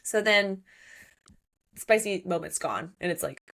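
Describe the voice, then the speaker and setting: A woman co-hosting a podcast, recapping a book in casual chat, animated and swearing, acting out the characters' lines. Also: lowish voice, unhurried, gravelly. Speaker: podcast co-host.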